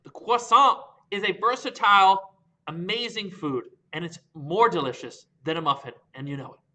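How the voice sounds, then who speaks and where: A man's voice: high-pitched, normal speed, bright, forceful tone. A man doing improv comedy, giving a sassy, emphatic opening argument. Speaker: improv performer.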